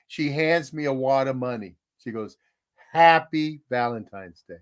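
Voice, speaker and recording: A man's voice: mid-range voice, animated, unhurried. An older man co-hosting a podcast, telling stories in a rambling, folksy way with frequent chuckles. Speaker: podcast co-host. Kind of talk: casual chat.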